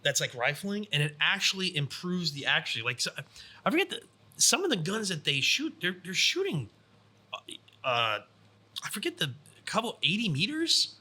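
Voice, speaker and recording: A man's voice: high voice, huge pitch swings, moderate pace, bright, forceful tone, breathy edge. A man hosting a podcast in casual chat, rambling with lots of fillers from an indoor studio. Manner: rambling, heavy use of fillers. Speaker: podcast host.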